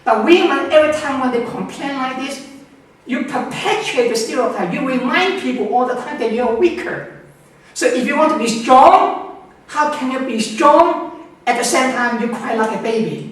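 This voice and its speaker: A scholar being interviewed answers in an emphatic, lecturing way, often repeating words and restarting. His voice is very high-pitched, animated and a bit bright, at a moderate pace, recorded with a distant mic in an echoey room with faint noise.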